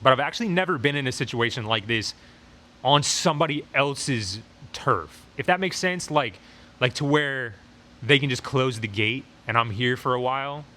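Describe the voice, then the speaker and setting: Young male vlogger, middle-pitched, casual storytime delivery heavy on "like," lapel mic. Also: normal speed. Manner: animated retelling with frequent fillers. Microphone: lapel mic on shirt.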